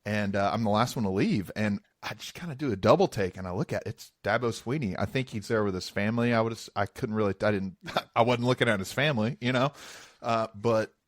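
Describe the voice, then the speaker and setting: A young man co-hosting a casual sports podcast, with a somewhat low voice. He tells stories with lots of energy and laughs easily. The sound is dry and close, with no room echo. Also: fairly quick. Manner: animated storyteller, laughs easily. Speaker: podcast co-host. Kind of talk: casual chat.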